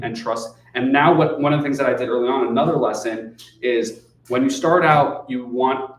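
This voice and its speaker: A male investor speaking loosely and conversationally to a meetup crowd at a middle pitch. He is heard from a distance in a room with a strong echo. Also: a little hiss or hum. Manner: loose, conversational, keeps asking "right?"; swears casually. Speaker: guest speaker, real estate investor. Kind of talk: casual talk at a meetup. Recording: echoey room, distant mic.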